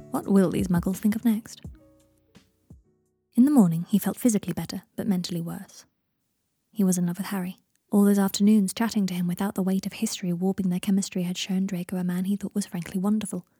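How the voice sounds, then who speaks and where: Mellow husky woman reading a story. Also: medium pitch, no room sound, clean studio sound. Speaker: podcast host and fanfic reader. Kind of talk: reading her own story aloud.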